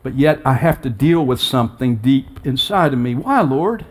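A man in his sixties, a pastor, delivers an earnest and personal sermon at a normal speed. When he quotes scripture, his pitch climbs and his emphasis grows.

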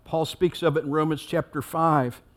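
A man's voice: on the high side, fairly even intonation, normal speed. A man giving a sermon as a pastor, preaching in a conversational way and acting out the story with rising intensity.

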